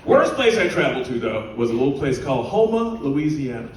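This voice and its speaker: A man performing a stand-up comedy routine on stage, telling stories in an animated way. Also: medium pitch, fairly quick. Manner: animated storytelling with laughter. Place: cruise ship theater, live audience. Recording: echoey room from far off, audience noise.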